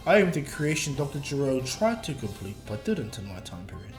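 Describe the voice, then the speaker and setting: A man voicing a cold, boastful male bio-android villain in a slow, low taunting delivery. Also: sing-song, natural voice. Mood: gloating. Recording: echoey room, faint music.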